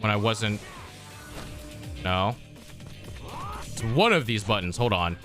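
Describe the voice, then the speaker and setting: A man's voice: lowish voice, expressive, slow pace, a bit bright, soft background music. A young man streaming a game, chatting casually, crude and exasperated, swearing a lot.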